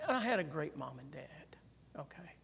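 In a long, reverberant hall, a man with a slightly high, creaky, somewhat rough voice preaches at normal speed. He keeps the sermon conversational and animated, asking "right?" and calling for congregational responses.

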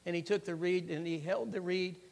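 A man preaching a sermon and reading scripture, swinging between loud emphasis and hushed, quiet phrases and repeating lines for emphasis. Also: high-pitched, steady tone, brisk, gravelly. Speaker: pastor. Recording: long reverb of a large hall.

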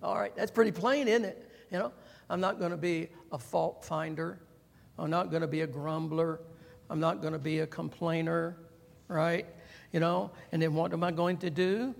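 Delivering a sermon conversationally, a man with a somewhat high voice and vocal fry speaks at a moderate pace. He animatedly calls on the congregation, often asking "right?", and long hall reverb surrounds him.

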